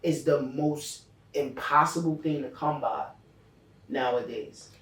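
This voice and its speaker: A man's voice: a little high, slow pace, a bit bright. A man who DJs, co-hosting a casual podcast chat, rambling through profane stories. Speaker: DJ and co-host. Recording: echoey room, distant mic.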